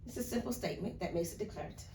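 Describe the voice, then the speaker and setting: Speaking very fast with lively intonation and a warm tone, an American woman with a mid-range voice gives a patient recorded English grammar lesson, posing questions and answering them herself. The recording has an echoey room and faint hiss in the background.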